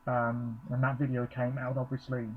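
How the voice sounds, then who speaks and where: A man's voice: mid-range voice, monotone, moderate pace, phone-quality sound, slight background noise. A man giving a chatty, rambling live reaction, with frequent ums. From England. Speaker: vlogger. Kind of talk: casual live reaction commentary.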